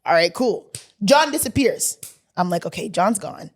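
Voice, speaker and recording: A woman's voice: mid-range voice, lively intonation, normal speed. A young woman co-hosting a podcast, telling a story in casual chat, acting out quotes and laughing often. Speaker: podcast co-host.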